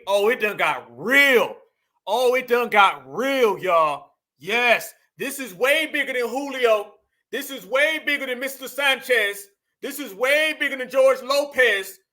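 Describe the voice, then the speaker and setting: High-pitched dude hyping up his viewers, preachy reaction talk. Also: pushed and bright. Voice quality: emphatic, addresses viewers as family. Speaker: commentary host. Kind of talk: reaction commentary.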